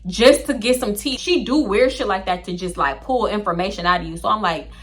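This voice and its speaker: A young woman telling a story in a casual, animated way, acting out each side of the conversations. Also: mid-range voice, brisk. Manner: animated, acts out both sides of conversations. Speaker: storytime vlogger.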